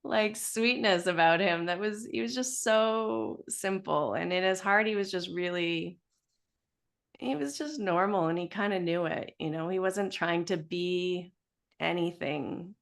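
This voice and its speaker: Chatty woman with a low, gravelly voice. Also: a little slow. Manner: chatty, laughs often, many fillers like "you know". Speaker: yoga teacher sharing memories of her teacher. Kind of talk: casual personal storytelling at a memorial gathering. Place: yoga studio, indoors.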